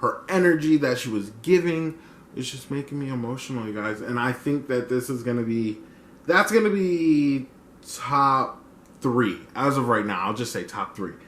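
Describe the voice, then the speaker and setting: A man in his twenties reviewing an album in a casual reaction, gushing and full of fillers, swinging between loud and soft. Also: mid-range voice, animated, normal speed. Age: 20s. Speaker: music reviewer. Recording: echoey room with faint noise.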